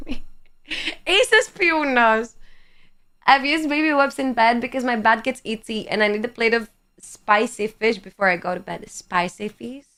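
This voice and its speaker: A woman's voice: a little high, sharp tone. A woman in her twenties, a livestreamer chatting casually with her viewers and reading out their comments in a playful, teasing way, swearing freely.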